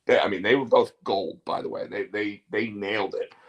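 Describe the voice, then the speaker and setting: A man co-hosting a casual chat show, excitable, tripping over repeated words and slipping into wrestler impressions. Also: lowish voice, moderate pace, dull audio. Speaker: podcast co-host.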